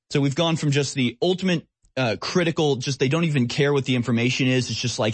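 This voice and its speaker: In an opinionated radio monologue, this host mocks and scoffs, sometimes tossing off fast asides and sometimes stretching out a sneer. He speaks at an ordinary mid pitch, and the sound is close-miked and dry with no echo.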